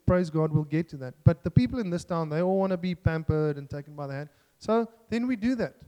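High-voiced guy preaching, earnest and jokey, big echoey church hall. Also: mellow, clean tone. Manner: earnest, self-deprecating, with restarts and jokes. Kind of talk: sermon.

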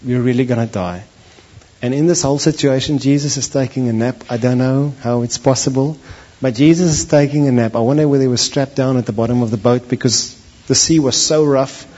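A man preaching a sermon, animated, acting out the voices of the people in his stories. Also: medium pitch, a little fast. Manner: animated, acts out voices of biblical figures. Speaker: pastor. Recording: dull lo-fi recording.

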